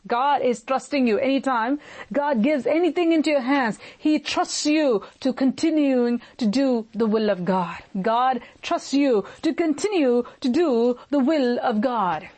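A woman's voice: high-pitched, expressive, unhurried, darkish tone. A woman pastor preaching a sermon, emphatic, repeating her key lines for emphasis.

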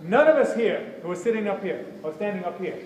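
A man's voice: high voice, animated, quick pace, darkish tone, a little hiss or hum. A man preaching a sermon with fervor, acting out prayers and the voices of others as he speaks. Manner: fervent, acts out prayers and voices. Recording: echoey hall with faint ambience.

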